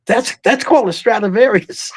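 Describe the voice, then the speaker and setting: An older man voicing a cautious male bandmate who speaks haltingly, as if warning. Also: high-pitched, pitched above the performer's own voice.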